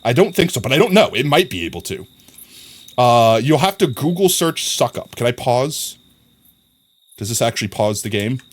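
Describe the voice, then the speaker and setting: A young man casually commentating a live stream, chatty and quick to laugh as he talks to his chat. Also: mid-range voice, sing-song.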